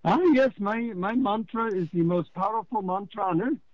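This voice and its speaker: A man doing a grave Indian guru with a high voice. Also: normal speed, no room sound, highs cut off, close to an everyday voice. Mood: solemn. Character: old male Indian guru, solemn and grand.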